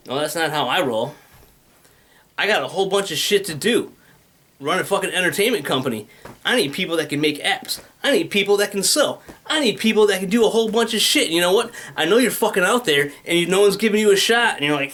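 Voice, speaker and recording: A man's voice: high-pitched, lively intonation, a little fast, fairly bright tone. A man in a casual, rambling rant, swearing often and restlessly jumping between ideas. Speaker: vlogger pitching his venture.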